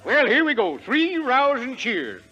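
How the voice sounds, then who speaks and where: An actor playing a boisterous, rough-edged Western rancher in 1940s radio acting, talking in folksy slang and laughing often. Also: male voice, very high voice, very animated, unhurried, highs cut off, background noise, heavily acted. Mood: jovial. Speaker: lead in a radio comedy.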